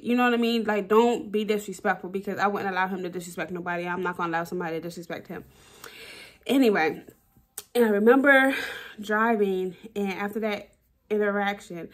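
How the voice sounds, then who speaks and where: A woman vlogging candidly about her relationship, emotional and blunt, swearing and repeating herself for emphasis. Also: mid-range voice. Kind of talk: personal vlog, talking to camera.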